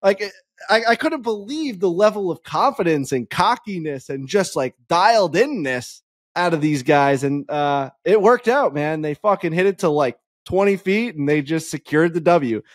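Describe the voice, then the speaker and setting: A man co-hosting a golf podcast, telling a story in a casual, animated way and laughing often. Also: fairly high pitch, moderate pace, no room sound, clean studio sound. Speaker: podcast co-host. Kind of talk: casual chat.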